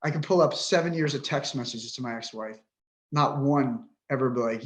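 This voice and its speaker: A man's voice: medium pitch, lively intonation, moderate pace. A man in his fifties, a podcast guest, talking with frustration and swearing bluntly as he vents. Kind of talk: emotional interview talk.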